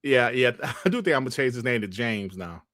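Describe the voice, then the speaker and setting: A man's voice: medium pitch, sing-song, a little fast, a bit bright, no room sound. A man hosting a casual livestream chat, rambling in slang and laughing often into a close mic. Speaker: host.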